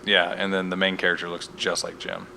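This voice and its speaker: A man's voice: low voice, completely flat delivery, brisk, creaky, bright, forceful tone, a little hiss or hum. A man co-hosting a podcast, recapping a TV episode in a loose, joking chat. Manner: laughs easily, loose and swearing. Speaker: podcast co-host.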